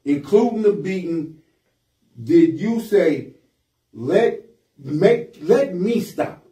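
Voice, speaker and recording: A man hosting a podcast, asking probing questions in a soft-spoken way. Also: high voice, animated, slow. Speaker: podcast host. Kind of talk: casual interview. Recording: roomy sound, mic at a distance.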